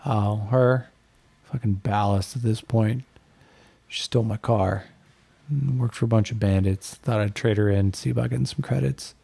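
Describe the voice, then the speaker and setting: A man's voice: on the low side, fairly even intonation, moderate pace, gravelly, warm tone, husky, no room sound. A man doing a bitter, foul-mouthed young scavenger. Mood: blunt. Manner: blunt and profane. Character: bitter young male scavenger driver, crude.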